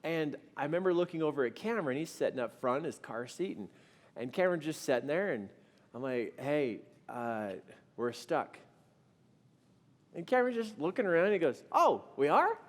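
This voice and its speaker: A middle-aged man tells a humorous personal story to an audience, mocking himself as he goes. His voice is high for a man and swings widely in pitch. The sound carries a long echo from a hall. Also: fast talker. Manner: animated, humorous, self-mocking. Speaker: speaker telling a personal story.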